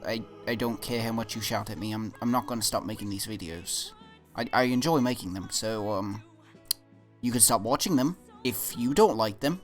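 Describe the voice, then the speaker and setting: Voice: medium pitch, moderate pace, faint music behind. Exasperated vlogger answering critics. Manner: defensive, exasperated, rambling with restarts. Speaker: YouTube commentator. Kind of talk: vlog reply to comments.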